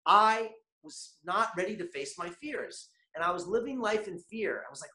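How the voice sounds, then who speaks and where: A man hosting a motivational online masterclass, energetic and constantly asking his viewers questions. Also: high voice, moderate pace, reverberant. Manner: animated, keeps asking the chat audience questions. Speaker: webinar host.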